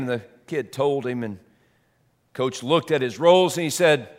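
A man preaching a sermon as a story, dramatic, swinging between loud and soft. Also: medium pitch, moderate pace. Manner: dramatic, shifts loud and soft, repeats words.

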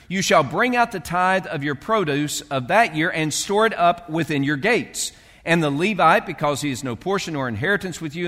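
A man's voice: on the high side, fairly bright tone, long reverb tail. A male pastor preaching a sermon in a loose, conversational way, with fillers and restarts as he reads and explains scripture.

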